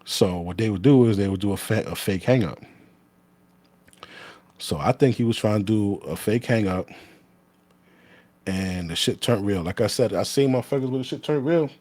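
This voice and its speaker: Give me a man who speaks in a lowish, dry voice and tells a story bluntly and profanely, like the former corrections officer he is. He often stops and restarts his sentences. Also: normal speed, long pauses, darkish tone, dry recording. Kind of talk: casual storytelling.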